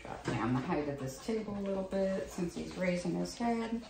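A woman's voice: on the low side, animated, normal speed, gravelly. A woman dog groomer talking casually through a grooming session, switching to coaxing sing-song baby talk with the dog. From United States. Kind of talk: casual instructional narration. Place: grooming salon. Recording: echoey room with clipper noise.

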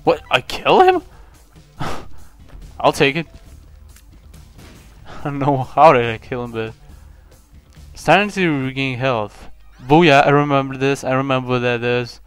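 A man's voice: mid-range voice, unhurried, pauses often, clean tone. Rambling young man over game music. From Lithuania. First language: Lithuanian. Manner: rambling, self-mocking, with sudden excited yelps. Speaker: gaming channel host. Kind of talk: casual gameplay commentary.

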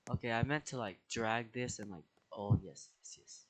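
A young man giving casual let's play commentary, excitable, with dramatic outbursts, squeals and slang. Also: medium pitch, normal speed, rough recording. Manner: slang-heavy casual talk. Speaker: gaming video creator.

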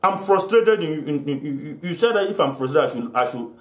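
A man's voice: fairly high pitch, lively intonation, a little fast. An older man from Africa delivering an angry vlog rant, accusing and full of repeated restarts. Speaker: vlogger. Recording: roomy echo.

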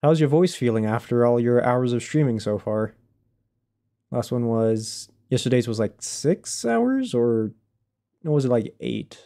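A man commentates his game stream in an easygoing, chatty way, breaking into laughter and replying to viewers between moves. His voice sits in a mid range with a dark, mellow tone. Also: mid-range voice, animated, a little slow. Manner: chatty, laughs often, answers chat while playing. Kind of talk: casual live-stream commentary.

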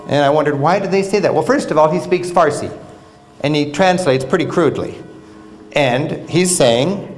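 A man giving a public travel lecture in a university hall, telling stories in an animated way with wry humor. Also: fairly high pitch, fairly quick, faint music behind. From United States. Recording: roomy hall sound.

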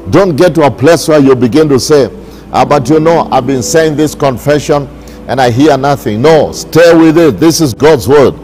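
A bishop preaching a sermon, repeating his declarations slowly and with emphasis. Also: mid-range voice, darkish tone. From Kenya.

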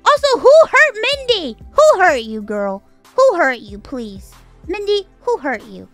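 Woman, streamer, casual rant, high voice, swearing, incredulous questions. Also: wildly swooping pitch, measured pace, a bit bright, faint music behind.

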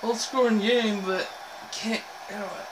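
A woman's voice: medium pitch, fairly even intonation, unhurried. A woman playing a video game, swearing and muttering her frustration in casual commentary. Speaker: gamer. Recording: loud game crowd noise behind.

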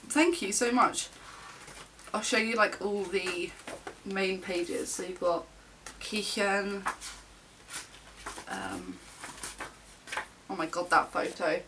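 A young woman gushes through an excited unboxing, gasping and squealing between breathless comments. Her voice is bright and sharp. She sits a little away from the mic, with a faint hiss behind her. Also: mid-range voice, a little slow, long pauses, recorded from a distance. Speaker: vlogger.

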